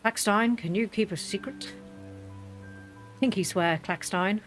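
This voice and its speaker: A woman doing a sly, hushed secretive king. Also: mid-range voice, a little slow, soft background music, lightly acted. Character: scheming secretive male king, dismissive.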